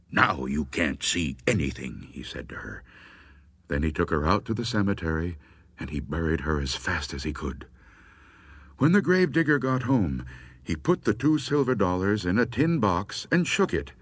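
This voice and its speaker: A man narrating a ghost story with dramatic, expressive delivery. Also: low voice, normal speed, slightly rough, no room sound. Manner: dramatic, expressive telling with rising tension.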